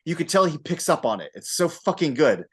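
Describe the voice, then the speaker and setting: A man on a casual podcast, talking about a movie with animated energy and frequent swearing. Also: fairly high pitch, fairly quick, breathy edge. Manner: animated, acts out scenes with put-on voices and laughter; swears freely. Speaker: podcast co-host.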